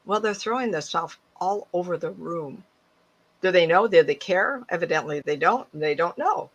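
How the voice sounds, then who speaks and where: A woman in her seventies, a psychic medium giving a casual talk to an audience, animated and laughing often as she acts out other people's voices. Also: medium pitch, rough recording. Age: 70s.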